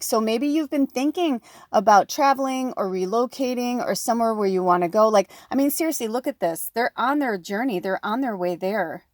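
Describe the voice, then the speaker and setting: A middle-aged woman gives a chatty pick-a-card tarot reading, speaking close to the mic with breathy asides. Her voice is on the high side, her pace moderate, and there's no room sound.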